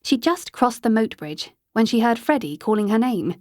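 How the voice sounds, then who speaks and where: A woman narrating an audiobook in a measured, steady storytelling manner. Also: a little high, no room sound, studio quality. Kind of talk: scripted narration.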